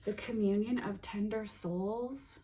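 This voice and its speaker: Soft-spoken woman reading out tarot cards, gushing, mid-pitched, light hiss behind her. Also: steady tone, slow. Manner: gentle and admiring, with soft gushing exclamations. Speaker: tarot reader and channel host. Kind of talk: casual unboxing commentary, reading card titles aloud.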